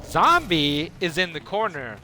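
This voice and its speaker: A man's voice: fairly high pitch, measured pace. A man streaming a video game and rambling through a made-up story, jumping between voices as he goes. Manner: animated, jumps between voices and laughs. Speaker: gaming streamer. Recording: game gunfire noise behind.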